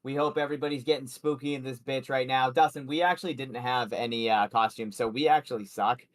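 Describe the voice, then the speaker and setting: A man's voice: mid-range voice, a little fast. A man co-hosting a sports betting livestream in casual, loose chat, swearing freely and talking a lot. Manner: loose, profane and chatty.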